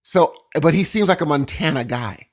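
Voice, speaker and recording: Rambling man with a lively voice. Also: fairly high pitch, normal speed. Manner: rambling, jokey, acts out voices. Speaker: podcast co-host. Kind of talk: casual chat.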